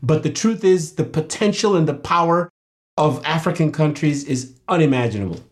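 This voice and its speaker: A middle-aged man from Nigeria, a guest in a casual interview, talking in an animated storytelling way and laughing often. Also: fairly high pitch, normal speed.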